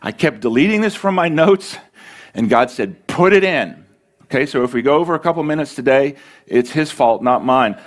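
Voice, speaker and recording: A man's voice: mid-range voice, lively intonation. Earnest male pastor preaching a sermon. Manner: earnest, emphatic preaching with dramatic pauses.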